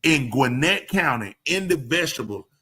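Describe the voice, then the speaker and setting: A man hosting a live talk show, telling stories in an animated, emphatic way. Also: mid-range voice, normal speed, slightly rough. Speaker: show host.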